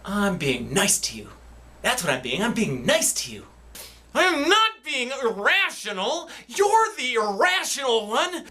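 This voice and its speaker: A man acting out an overwrought, moody adult with a high, strained voice that swings between whimpering and outbursts. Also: very animated, normal speed, bright, forceful tone. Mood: moody, weepy. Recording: echoey room, distant mic.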